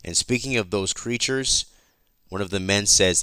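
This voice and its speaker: A man's voice: fairly low pitch, normal speed, pushed and bright, clear, resonant tone, no echo. A man giving a loose, chatty recap of a comic issue, swearing freely and often restarting his sentences. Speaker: comic book YouTuber.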